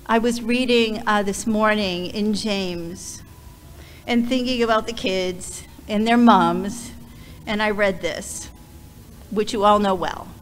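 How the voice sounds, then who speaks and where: A woman speaking as a visiting ministry leader in a heartfelt church talk, earnest and emotional, pausing often and restarting her sentences. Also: mid-range voice, slight background noise. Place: church sanctuary. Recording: reverberant hall, faint background ambience.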